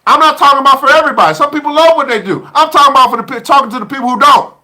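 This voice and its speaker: A man's voice: very high-pitched, very fast, few pauses, sharp tone. A man hosting a live stream book club, reading aloud and preaching with folksy slang, repeating his lines for emphasis.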